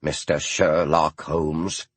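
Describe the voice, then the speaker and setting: A man narrating an audiobook, voicing an older male scholar who speaks softly and sounds strained and guarded. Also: rumbling low, level tone, slow, dry recording, full character voice. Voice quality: soft-spoken, tense.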